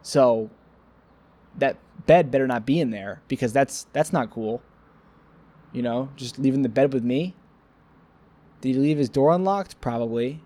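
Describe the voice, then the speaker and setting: A man's voice: medium pitch, brisk, darkish tone, dry recording. A man rambling sleepily to the camera in a solo vlog, goofy and self-mocking, playing with silly wordplay. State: sleepy, yawning. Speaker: vlogger.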